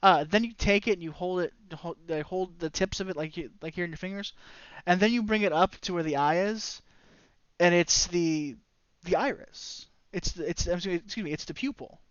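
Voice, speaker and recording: Man, high voice, smooth, game master narration, rambling with fillers, dry lo-fi sound. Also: moderate pace, a bit bright, dry recording. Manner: rambling, many fillers, laughing. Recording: dry, dull lo-fi mic.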